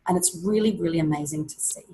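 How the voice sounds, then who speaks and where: A woman presenting an online teaching webinar, explaining classroom activities in a lively way and acting out examples. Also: on the low side, fast, noisy background. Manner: lively, demonstrates classroom voices and chants.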